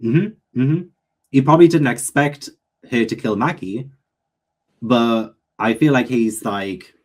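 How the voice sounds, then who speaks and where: A man of ordinary pitch talks through a mystery novel with a friend. He builds theories with animated energy and laughs easily. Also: takes it slowly. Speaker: guest co-reader. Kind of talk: casual book discussion.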